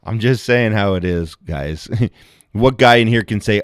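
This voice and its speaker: A man's voice: on the low side, moderate pace, clear, resonant tone, no room sound, studio quality. A middle-aged man hosting a livestream, ranting bluntly with heavy swearing and frequent laughs. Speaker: livestream host. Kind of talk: casual livestream chat.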